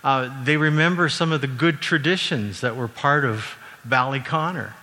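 A middle-aged man from Canada preaching a sermon in a relaxed, conversational way, with frequent fillers and self-corrections. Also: mid-range voice, normal speed. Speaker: university president and former minister. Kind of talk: sermon with personal anecdotes. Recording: long reverb from a large hall.

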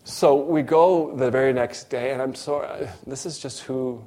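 During his sermon, a middle-aged man relates a personal story, his delivery moving vividly between loud stress and soft, hushed asides. His voice is mid-range and his pace unhurried.

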